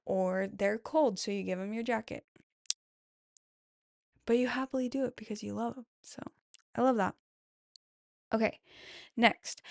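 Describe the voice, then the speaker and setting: A woman talks casually into a close mic, reading follower answers about motherhood and cheering each one on. Her voice has a gravelly, creaky edge, and she takes her time. The sound is dry and close. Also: mid-range voice, dry recording. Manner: warm-hearted, affirming, chatty with frequent "I love that". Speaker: mom podcaster reading follower replies. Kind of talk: casual solo chat.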